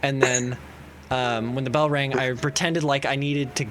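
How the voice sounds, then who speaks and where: A young man, a podcast host, telling animated stories in casual chat, swearing and acting out quoted lines loudly. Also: medium pitch, moderate pace, a little hiss or hum.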